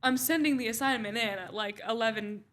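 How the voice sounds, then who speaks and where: Young woman with a highish, casual voice. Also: brisk, fairly bright tone. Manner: casual, lots of "like" and "you know". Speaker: podcast co-host. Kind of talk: casual chat.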